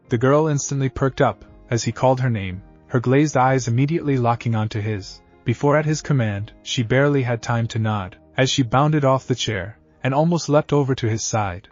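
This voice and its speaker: A man reading scripted fan fiction narration in a steady, even way. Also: medium pitch, normal speed, few pauses. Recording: dull lo-fi audio with faint music.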